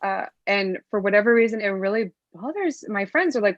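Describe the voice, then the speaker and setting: A woman's voice: medium pitch, lively intonation, brisk, dry recording, lo-fi sound. A young woman from Florida, a guest chatting casually and laughing often. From Florida, USA. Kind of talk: casual chat.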